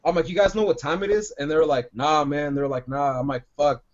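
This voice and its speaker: Man, podcast co-host, casual storytelling, profane and rambling, slightly high voice, dull lo-fi sound. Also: fairly even intonation, fairly quick. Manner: rambling, profane, lots of "like" and "right?".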